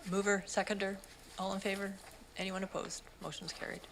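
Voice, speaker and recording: Gravelly-voiced woman chairing a meeting. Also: mid-range voice, flat delivery, background noise. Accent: Canadian English. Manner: brisk, routine procedural calls. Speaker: committee chair. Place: council chamber.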